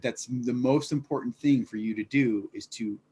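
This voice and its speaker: A man with a medium-pitched, mellow, slightly rough voice speaks at a moderate pace as a guest in a casual interview. He founded a fitness business, and he explains his ideas earnestly and reflectively, using lots of fillers like "like" and "you know".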